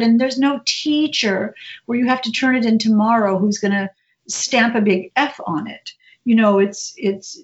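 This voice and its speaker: In a casual interview, a woman who is an author and former reporter talks about writing in an animated, chatty way, restarting often. Her voice is a little high, and the audio is dull.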